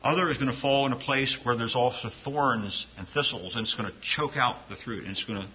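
A man's voice: medium pitch, fairly quick, muffled recording, a little hiss or hum. A man preaching a sermon to his congregation in an earnest, conversational way, often restarting his phrases. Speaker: pastor.

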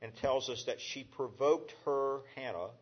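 A man preaching a conversational sermon as a pastor, halting with fillers and restarts. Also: medium pitch, husky, highs cut off.

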